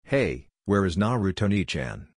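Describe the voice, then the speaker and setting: A man's voice: low voice, big pitch swings, normal speed, husky, no room sound, studio quality, full character voice. A man voicing an eager, sensitive young girl in a fan fiction reading. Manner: eager, then tearful.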